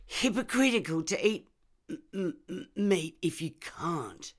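A woman's voice: fairly low pitch, animated, unhurried, voice pushed up. A woman voicing a stammering, scared teenage girl. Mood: anxious. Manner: stammering, anxious.

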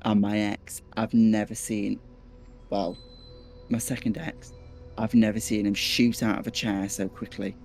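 A man with a Liverpool accent, a podcast guest telling a story in a casual, animated way, repeating words and swearing now and then. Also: fairly low pitch, measured pace, faint music behind. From Liverpool, England.

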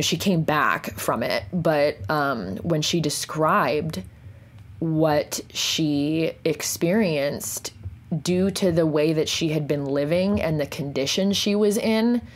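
Woman, low voice, young adult, candid storytelling, lots of filler words, swears, slows and hushes for intense bits. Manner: profane, rambling, many "like" fillers; slows and drops to near whisper on intense moments. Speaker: podcast host.

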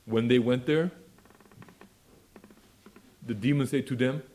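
Impassioned preacher. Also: male voice, mid-range voice, takes it slowly. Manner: impassioned, swinging from quiet asides to loud declarations. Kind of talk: sermon and closing prayer. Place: church fellowship meeting.

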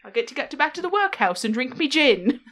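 A woman's voice: high-pitched, sing-song, fast, fairly bright tone, slight background noise. A woman voicing a cheeky Victorian street orphan who begs in old-fashioned slang.

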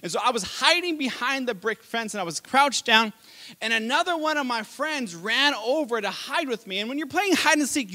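A man preaching a sermon as pastor, telling a childhood story with animated delivery and laughter. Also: very high voice.

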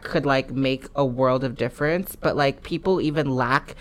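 A woman's voice: extremely low pitch, normal speed. A woman guest on a podcast talking frankly in casual chat, swearing freely and filling with "like". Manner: frank, profane, many fillers of "like".

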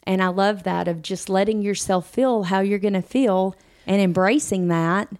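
A woman's voice: mid-range voice, normal speed, a little mellow, clear, resonant tone. A woman co-hosting a casual chat, affirming her partner and telling personal stories. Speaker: podcast co-host.

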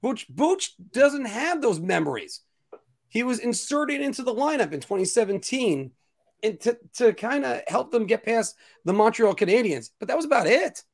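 A man hosting a casual sports talk show, ranting opinions in an animated way. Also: very high voice, moderate pace, vocal fry. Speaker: podcast host.

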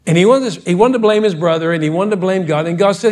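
High-voiced scolding preacher man. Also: quick pace, hardly any pauses, a little mellow. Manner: preachy and scolding, builds to fervent. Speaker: pastor. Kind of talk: sermon. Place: church sanctuary.

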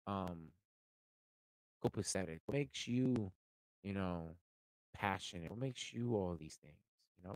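Gravelly, profane man ranting on a podcast. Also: deep voice, no room sound, poor audio. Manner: animated, profane, rambling with many fillers. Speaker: podcast host. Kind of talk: casual podcast monologue.

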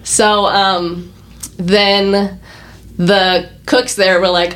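A young woman, a chef appearing as a podcast guest, tells stories in a casual interview chat, full of "like," fillers, and laughter. Her voice is on the low side with little pitch movement, a measured pace, and a fairly bright tone.

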